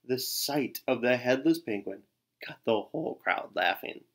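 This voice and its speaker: Male storyteller for a kids' read-aloud, slow and expressive, mid-range voice. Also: mid-range voice, gravelly. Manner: expressive, with gasps and sighs. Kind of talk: children's picture book read-aloud.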